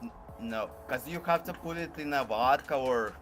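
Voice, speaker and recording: Guest man, mid pitch, excited broken delivery, music in the background. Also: normal speed. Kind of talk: casual chat.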